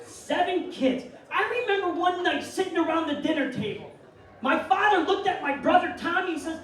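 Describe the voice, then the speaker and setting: A man's voice: extremely high pitch, moderate pace, a bit bright, far from the mic. A man from upstate New York doing a brash, bawdy stand-up set on a club stage. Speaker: stand-up comedian. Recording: echoey club mic'd from afar.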